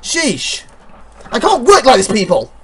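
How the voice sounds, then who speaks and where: An excitable commentator calling a wrestling game with a lively, bouncing voice. The exclamations come thick and fast. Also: medium pitch, husky. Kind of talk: playful play-by-play commentary.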